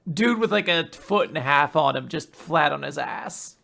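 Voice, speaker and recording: A man's voice: on the high side, animated, moderate pace, vocal fry, pushed and bright. A man co-hosting a casual chat show, talking bluntly and with enthusiasm and swearing freely. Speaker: podcast co-host.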